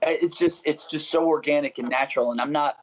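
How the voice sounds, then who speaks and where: A man's voice: on the high side, fast talker, rough recording. A young adult man talking as a musician guest in a casual interview, chatty and self-interrupting, often laughing.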